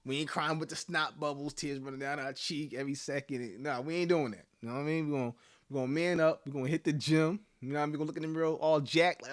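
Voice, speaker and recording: A man's voice: on the high side, steady tone, fast. A young man hosting his channel, ranting to camera in a blunt, profane way and laughing between his points. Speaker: channel host. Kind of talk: casual rant to camera.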